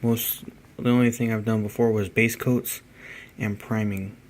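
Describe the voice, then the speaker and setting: A tired man narrating a casual hobby painting vlog, halting and rambling as he trails off mid-thought. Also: lowish voice, flat delivery, darkish tone, slight background noise. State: tired, yawning.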